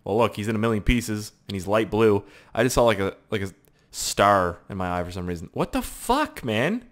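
A young man giving excitable, profane live gameplay commentary with yelling outbursts. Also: on the low side, brisk. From Canada. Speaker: gaming YouTuber.

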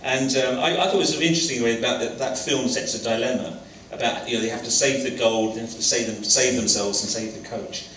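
A man's voice: mid-range voice, fairly even intonation, fast, few pauses, fairly bright tone, a little hiss or hum. A man hosting an on-stage interview in a college lecture hall, talking hesitantly with many fillers and restarts. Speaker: interviewer, host of the talk. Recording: roomy hall from a distance.

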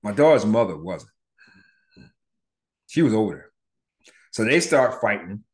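Man, middle-aged, casual storytelling, swearing freely, lively swings in pitch. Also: unhurried. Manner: animated, profane, acts out voices in his retelling. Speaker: podcast host.

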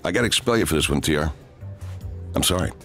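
An actor voicing a mild, regretful middle-aged school principal in a cartoon. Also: male voice, a bass voice, animated, fast, bright, forceful tone, soft background music, exaggerated voice.

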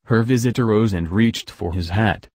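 Low-voiced male audiobook narrator. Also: normal speed, darkish tone, husky, no echo, studio quality. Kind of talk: scripted narration.

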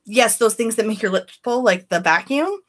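A woman's voice: a little high, lively intonation, normal speed. A woman chatting casually on a beauty live stream, greeting viewers by name and giving candid opinions.

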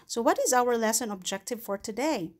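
A woman's voice: fairly high pitch, animated, fairly quick. A woman with a Filipino accent teaching a grammar lesson to young English learners, patiently repeating points and reading example sentences aloud with emphasis. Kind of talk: slow, deliberate online lesson for young learners.

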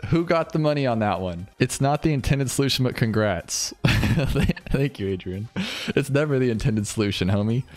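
A man streaming a tower defense game live, chatting with viewers and jumping to high yelps when the game gets tense. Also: moderate pace, faint music behind. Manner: excitable, talks to chat, jumps to high yelps when tense. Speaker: gaming streamer. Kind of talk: live gameplay commentary.

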